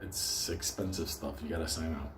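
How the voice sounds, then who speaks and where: A man hosting his own show, telling a comic story with constant swearing and animated bursts. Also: very deep voice, normal speed, noisy background. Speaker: show host. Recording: echoey room with faint ambience.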